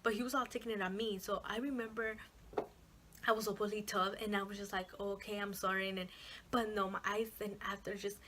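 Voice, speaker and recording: A young woman vlogs to her camera in a loose, rambling way, packing her sentences with fillers and dropping the occasional swear word. Her pitch sits in the middle, and a faint hiss runs underneath. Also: fairly even intonation, quick pace, a bit bright. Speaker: vlogger. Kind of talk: casual chat to camera.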